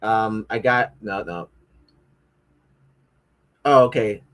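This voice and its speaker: A man's voice: on the low side, slow pace, a bit bright. A man streaming live, rambling and stumbling over words as he reads aloud, with mocking, sarcastic remarks. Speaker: livestreamer. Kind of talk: casual livestream commentary.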